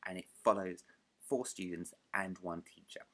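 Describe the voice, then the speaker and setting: A man's voice: sits low, normal speed, a bit bright. A young British man chatting to camera as a book vlogger, rambling and self-deprecating, often restarting his sentences. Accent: British English. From United Kingdom. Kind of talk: casual chat to camera.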